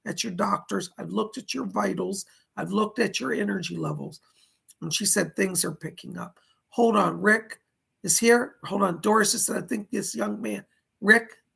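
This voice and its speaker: A psychic medium hosts live readings, relaying spirit messages with a steady "he said" and reading viewer donations aloud while thanking each viewer. His voice sits high and is husky, with vocal fry.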